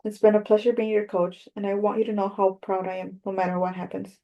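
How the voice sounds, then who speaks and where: A woman doing a gruff old Brooklyn coach. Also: mid-range voice, level tone, fast, lo-fi sound, natural voice. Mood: tender. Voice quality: thick accent, barking.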